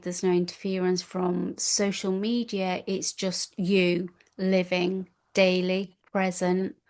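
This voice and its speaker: A woman's voice: lowish voice, darkish tone. A woman attending a retreat and sharing her experience in an interview, speaking in a heartfelt, gushing way with many restarts. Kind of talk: reflective interview answers.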